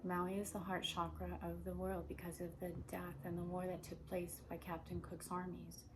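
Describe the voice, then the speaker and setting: A woman giving a rambling spiritual monologue, meandering and repetitive, slowing down to stress her points. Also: on the low side, completely flat delivery, noisy background. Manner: meandering and repetitive, with slow emphatic stretches. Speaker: spiritual speaker.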